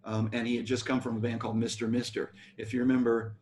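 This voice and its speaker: Brief: older American musician guest, rambling anecdotes, mid-pitched, faint hiss. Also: male voice, flat delivery, quick pace, a little mellow. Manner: rambling anecdotal storytelling with restarts. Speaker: guest musician, bass player. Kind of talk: storytelling interview.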